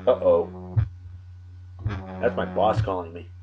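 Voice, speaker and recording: A man's voice: on the high side, very animated, moderate pace, narrow, tinny audio, background noise. A man hosting a casual home show, reading movie trivia aloud with offhand wry asides. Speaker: host.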